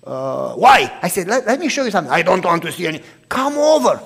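A man preaching by telling a story, acting out each person's lines and dropping to a hush for tender moments. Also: high-pitched, fast talker, creaky, few pauses, slightly rough. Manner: animated storytelling, acting out both sides of the talk; drops to a hushed, soft voice for tender moments. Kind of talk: sermon storytelling.

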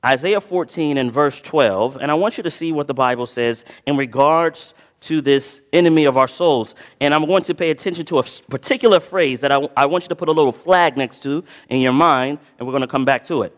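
A man preaching a sermon, his voice sitting a little high for a man and carrying a long reverb tail through a large sanctuary. He reads scripture with dramatic swells and sudden drops in volume. He keeps throwing questions out to the congregation, then answering them himself. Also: a little fast, few pauses.

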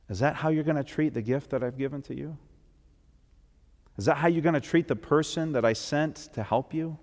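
A man, a minister, preaching a sermon as an earnest storyteller who builds up and then drops soft. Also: a little high, moderate pace. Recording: long hall reverb.

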